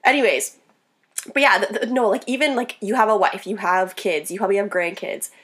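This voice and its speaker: A young woman co-hosting a casual chat, telling stories in a crude, animated way. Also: medium pitch, brisk. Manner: crude, animated storytelling with frequent laughter.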